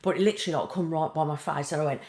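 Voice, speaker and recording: British woman, low voice, casual rambling live-stream chat, echoey room. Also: steady tone, rapid-fire, a little mellow. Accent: British English. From Britain. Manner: chatty and rambling, with lots of "like" and "um". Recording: roomy echo.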